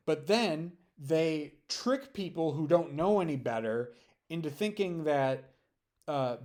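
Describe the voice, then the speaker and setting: A man's voice: a little high, darkish tone. Sarcastic, heated man ranting at a clip. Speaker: political commentary vlogger. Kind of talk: reaction commentary.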